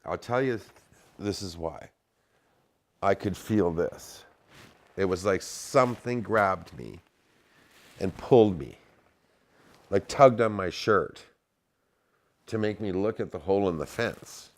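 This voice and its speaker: A middle-aged man with a somewhat low voice tells a story casually. He swears freely and acts out the dialogue in a raised, animated voice. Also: slow pace, long pauses.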